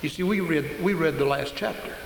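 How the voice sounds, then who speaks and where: A man preaching a sermon to an audience, emphatic and slowing down to stress key points. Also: on the high side, gravelly. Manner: emphatic, slows down for stress, breaks into acted quotes. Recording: echoey hall with faint hiss.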